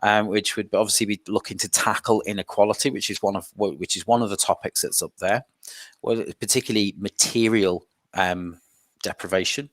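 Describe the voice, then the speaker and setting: A man teaches a revision session, his voice low-pitched and recorded dry and close. He explains slowly, pausing on ums and correcting himself as he goes. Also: steady tone, fairly bright tone, no room sound. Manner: hesitant, lots of ums and self-corrections. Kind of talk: live online revision lesson.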